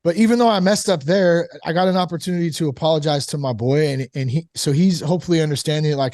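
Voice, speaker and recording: A man casually telling a candid personal story about fatherhood and recovery, animated, full of "like" and "you know". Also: a little high, quick pace, hardly any pauses, no room sound, studio quality. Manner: candid, animated, acts out quoted voices; frequent fillers like "like" and "you know". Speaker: sober father on a recovery podcast.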